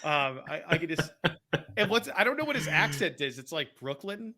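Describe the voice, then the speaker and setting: A man co-hosting a podcast in casual chat, excitable and rambling, often laughing as he talks. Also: on the high side, normal speed. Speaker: podcast co-host.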